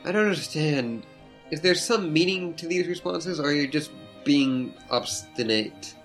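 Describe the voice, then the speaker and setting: A dry, sardonic young woman , voiced by a reader, speaking in long, ironic, wordy sentences. Mid-pitched and even, with faint music behind. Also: unhurried. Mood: puzzled.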